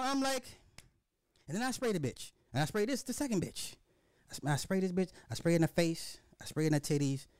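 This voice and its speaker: Casual: crude podcast guy riffing a story, highish voice, very dry sound. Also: dry recording. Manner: profane, animated, repetitive storytelling. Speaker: podcast host. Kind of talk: dark comedic monologue.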